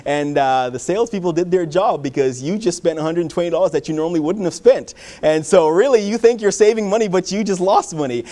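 A man's voice: high-pitched, a little fast, few pauses, mellow. A male pastor preaching a sermon in a church, telling folksy stories with many fillers.

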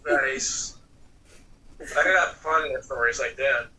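A man's voice: medium pitch, takes it slowly, bright, forceful tone, a little hiss or hum. A man in a casual chat, chiming in with short, laughing reactions. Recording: voice picked up from some distance.

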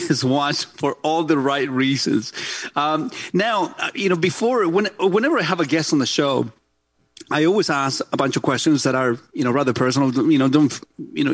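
Casting: middle-aged male host, rambling and jokey, slightly high voice, dry close studio sound. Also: no room sound. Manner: loose, rambling, laughs often. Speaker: podcast host. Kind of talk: casual talk-show chat. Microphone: studio mic.

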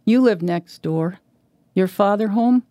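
A woman reading the lines of a gruff middle-aged male contractor who talks bluntly and shouts. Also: medium pitch, slow pace, no echo, clean studio sound, lightly acted. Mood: urgent.

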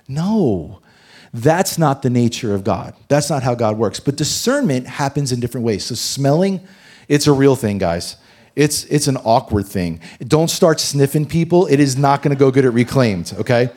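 A man preaching a sermon, telling a personal story in a lively way that swings between loud and hushed. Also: medium pitch, normal speed. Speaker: pastor.

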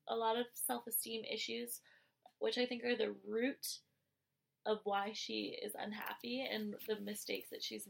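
A woman's voice: a little high, vocal fry, fairly bright tone. A woman co-hosting a casual podcast, her voice sick, earnestly sharing opinions about a reality TV show. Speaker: podcast co-host.

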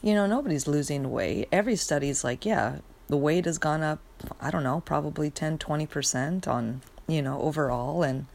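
A sleepy young woman rants on in a low, gravelly voice. She rambles through fillers and restarts, drops curses, and trails off as she yawns. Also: moderate pace, darkish tone. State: sleepy, yawning. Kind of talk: casual rant monologue.

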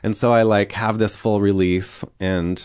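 A man's voice: fairly low pitch, flat delivery, measured pace, darkish tone, smooth, no room sound, clean studio sound. A man talking as a podcast guest, telling a personal story candidly and acting out what people said, with nervous laughs. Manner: frank, uses quoted dialogue and nervous laughs.

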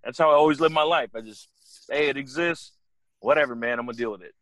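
A young man co-hosting a casual podcast, telling a story in an animated, profane way and acting out the other people's voices. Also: mid-range voice, quick pace, no room sound.

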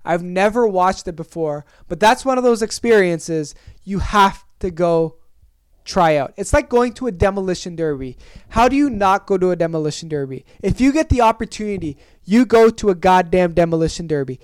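A young adult podcast host on a comic solo rant, exaggerating every complaint and swearing freely. The voice is smooth and resonant at a middling pitch. The sound is dry and close, with no room around it. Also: normal speed, no echo. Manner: exaggerated, animated ranting with swearing.

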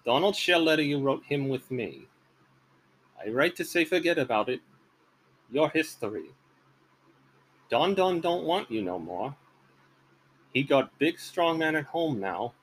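A man voicing a gloating tough-guy male strongman who speaks in slow, broken English. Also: a little high, expressive, a little hiss or hum, voice pushed up, rough recording.

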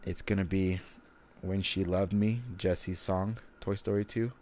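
A young man chatting casually about favorite songs, profane and quick to laugh. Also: sits low, a little hiss or hum. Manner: profane, laughs often, lively storytelling. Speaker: co-host. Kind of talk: casual chat.

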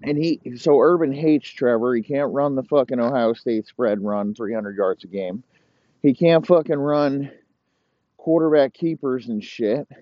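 A man's voice: medium pitch, measured pace, no echo, dull audio. A man hosting a podcast, ranting profanely and rambling in heated complaint. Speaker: podcast host. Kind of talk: profane casual rant.

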